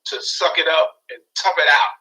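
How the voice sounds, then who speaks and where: High, bright-voiced man in his forties. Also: moderate pace, poor audio. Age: 40s. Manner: animated storyteller, acts out his own past reactions. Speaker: guest speaker. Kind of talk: casual talk show chat.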